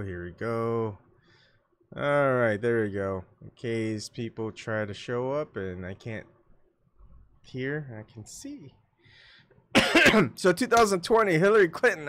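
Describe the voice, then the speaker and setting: A man hosting a solo livestream, muttering his thoughts and asides to himself, often coughing and clearing his throat, on a desktop microphone at home. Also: on the low side, fairly bright tone. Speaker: livestream host. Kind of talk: rambling solo livestream chat.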